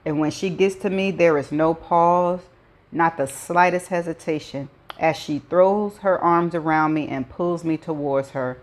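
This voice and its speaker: Woman host, low voice, reads a first-person novel aloud with chatty asides. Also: unhurried. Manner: adds her own chatty asides.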